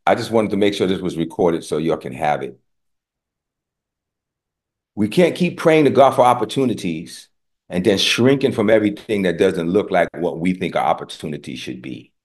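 Male pastor, middle-aged, low voice with big swings in pitch, storytelling sermon. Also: normal speed. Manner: animated storytelling, acting out dialogue.

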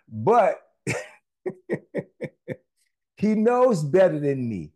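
A man's voice: a little high, sing-song, a little slow, long pauses, warm tone. A man preaching a sermon, emphatic and repetitive, with conversational asides to the congregation.

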